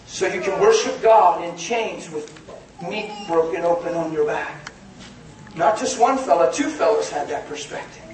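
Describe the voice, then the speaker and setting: A man preaching a sermon in a folksy way, laughing often and rising to shouts. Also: on the high side, moderate pace. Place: church hall. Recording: echoey hall from far off.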